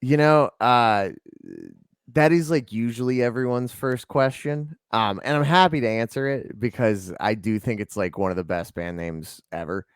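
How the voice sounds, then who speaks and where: An Atlanta man who fronts a band as lead singer chats casually as an interview guest, rambling in a laid-back way full of ums and likes. His voice is medium-pitched, his speed normal, and the tone clean, with echo-free studio quality.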